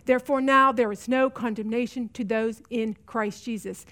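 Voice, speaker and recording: A woman's voice: a little high, fairly even intonation, normal speed, a bit bright. A middle-aged woman teaching a women's Bible study, earnest and repeating key lines for emphasis. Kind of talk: teaching talk to a women's group.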